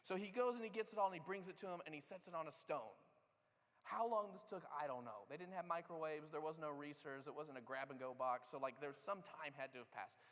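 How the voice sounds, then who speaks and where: A man preaching, his slightly high voice ringing with the long reverb of a large church hall. He tells the story in a lively, casual way and acts out what each character says. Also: fairly quick. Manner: animated storytelling, acting out characters' lines. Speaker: pastor. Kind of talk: sermon. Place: church sanctuary.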